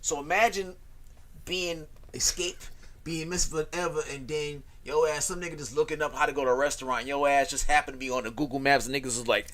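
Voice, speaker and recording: A man's voice: on the high side, fairly even intonation, fairly quick, a bit bright. A man hosting a podcast, joking crudely and reading out news items in casual banter. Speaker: podcast host.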